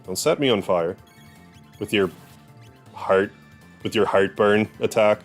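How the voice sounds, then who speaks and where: Low voice dude goofing around while streaming a game, faint music behind. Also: male voice, unhurried. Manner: joking, self-deprecating asides. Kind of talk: casual gameplay commentary.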